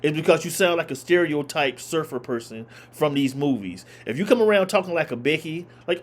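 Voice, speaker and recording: A man delivers heated reaction commentary. His voice sits fairly high and he drives each point home by saying it again. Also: lively intonation, a little fast, few pauses. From Southern United States. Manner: emphatic, repeating points for force. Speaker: reaction video host. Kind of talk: opinionated commentary.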